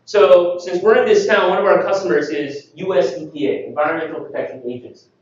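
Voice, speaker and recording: A man gives a lively conference talk, tossing rhetorical questions at the crowd. His voice sits high for a man. It is picked up from a distance in a booming, echoey hall, with a dull, muffled tone. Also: brisk. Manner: energetic, rhetorical questions to the audience. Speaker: conference speaker. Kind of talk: conference presentation.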